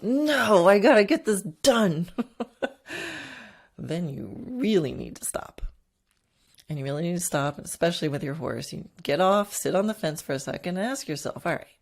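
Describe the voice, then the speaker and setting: A middle-aged woman talks through her podcast alone in a lowish voice, thinking out loud as a horse trainer. She laughs easily and drops into quick quoted asides to act out what a frustrated rider thinks. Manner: reflective, laughs often, voices inner thoughts in quoted asides. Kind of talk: solo podcast talk.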